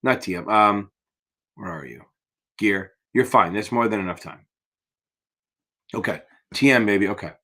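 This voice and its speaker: A man with a lowish, bright, forceful voice speaks at normal speed but leaves long pauses. He's casually teaching securities-exam material on a live Q&A stream, blunt, profane, yawning with fatigue, and calling viewers baby.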